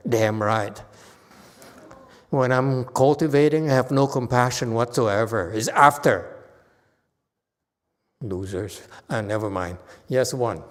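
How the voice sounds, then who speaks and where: A man's voice: medium pitch, in a large hall. A man teaching a Buddhist Dharma lecture in a temple, blunt and sarcastic as he scolds his listeners. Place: temple hall.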